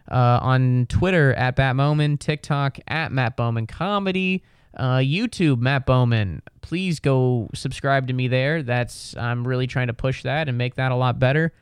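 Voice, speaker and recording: A man's voice: mid-range voice, smooth, no echo. A young man hosting a casual comedy podcast alone, rambling and swearing, full of "like" and "dude". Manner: rambling, profane, lots of likes and dudes. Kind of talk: casual solo podcast rant.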